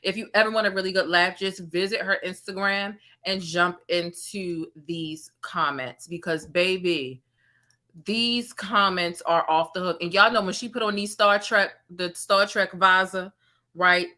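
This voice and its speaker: A woman hosting a casual gossip commentary, talking straight to her viewers in a sassy, animated way. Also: lowish voice, unhurried. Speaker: commentary channel host.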